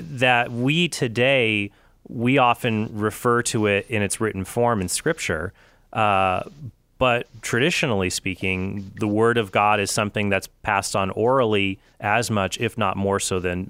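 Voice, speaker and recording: A man with a lowish voice lays out a theological argument point by point. His delivery is measured and deliberate. The sound is dry and close, with no room around it. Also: fairly bright tone, clear, resonant tone, dry recording. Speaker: debater. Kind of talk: theological debate.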